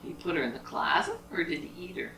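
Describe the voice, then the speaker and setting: A woman's voice: sits low, quick pace, vocal fry, over music. An older woman telling fairy tales aloud to a child and asking the child questions along the way. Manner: animated, asks the listening child questions. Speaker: storyteller. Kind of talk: reading children's stories aloud. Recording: roomy, distant home recording.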